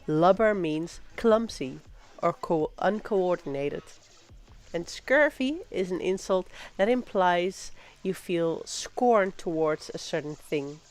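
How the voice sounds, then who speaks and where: A woman hosting a casual livestream, reading aloud slowly and breaking into loud, playful pirate exclamations. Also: fairly low pitch, lively intonation, soft background music. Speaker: livestream host.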